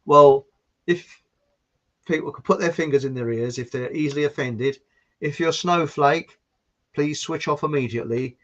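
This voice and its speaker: A man from southern England chats loosely and rambles through long jokes, laughing at his own punchlines. His voice sits a little high. The recording is dull and lo-fi. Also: moderate pace, a bit bright. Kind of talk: rambling casual chat with jokes. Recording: dull lo-fi sound.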